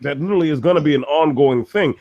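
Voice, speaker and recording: A man's voice: on the high side, fast, a little mellow, lo-fi sound. A man ranting bluntly and profanely in a casual podcast chat.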